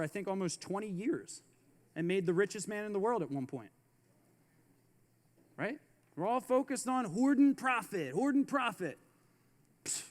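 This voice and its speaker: A man with a high voice delivers a motivational business keynote in a large conference hall, and his words ring out with a long reverb. He presses his points hard, repeats his catchphrases and tosses in casual slang between them. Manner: emphatic, repeats slogans, slangy asides. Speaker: keynote speaker.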